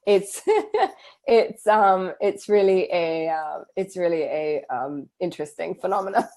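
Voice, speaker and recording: A woman's voice: lowish voice, a little slow, a little mellow. A woman from England with a British accent, hosting a live Q&A stream and reading out viewer comments with enthusiasm. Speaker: host.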